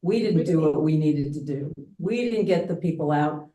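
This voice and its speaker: Guy running for office, earnest and preachy, warm low-key tone, roomy echo. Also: moderate pace. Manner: earnest, exhortative. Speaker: political candidate. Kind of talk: speech at a meeting. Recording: echoey meeting room.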